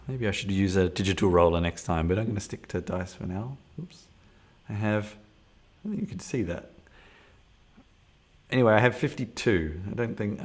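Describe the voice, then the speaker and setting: Lively low-voiced man reading a solo game. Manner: casual, self-correcting asides. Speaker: solo game player and narrator. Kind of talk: reading aloud and commenting on a solo tabletop game. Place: home desk with camera.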